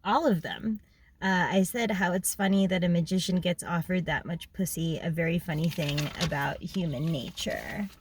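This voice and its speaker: Young woman host, low voice, casual and candid, reads from her diary with frequent ums. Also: normal speed, few pauses, slightly rough. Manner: frank, chatty, with filler ums and laughs. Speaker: podcast host reading her journal. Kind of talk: casual journal reading.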